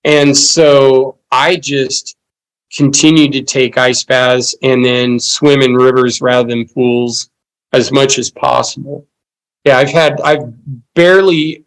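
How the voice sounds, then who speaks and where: A man who is a therapist, a guest on a podcast, calmly recounting his experience in a plain, matter-of-fact way. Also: medium pitch, low-quality recording. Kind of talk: conversational interview.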